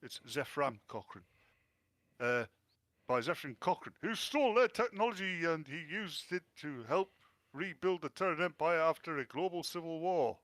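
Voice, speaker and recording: A man's voice: on the high side, animated, moderate pace, fairly bright tone, dry recording. A man in casual podcast chat, opinionated and rambling, often restarting his sentences. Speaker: podcast co-host.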